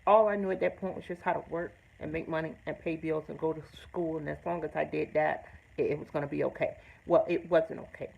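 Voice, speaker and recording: A woman's voice: low-pitched, fairly even intonation, brisk, gravelly, dull audio. A woman hosting her own show, telling a personal story in an earnest, emphatic way with blunt, salty language. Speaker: host. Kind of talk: personal testimony to camera.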